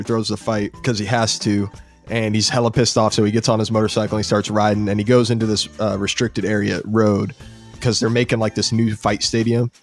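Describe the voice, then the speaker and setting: A young man hosting a podcast, excitedly retelling a show episode in casual, profane chat. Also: fairly low pitch. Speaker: podcast host.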